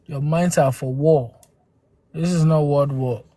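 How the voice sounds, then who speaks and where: A man's voice: on the high side, fairly even intonation, unhurried, mellow, dry recording. A man from Ghana, hosting a live stream and arguing with viewers through rhetorical questions and exclamations into a phone. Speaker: livestream host.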